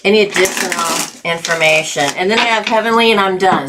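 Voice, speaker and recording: A woman doing a live tarot reading, chatty and often breaking into laughter and excited bursts. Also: medium pitch, normal speed, background noise. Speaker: tarot reader.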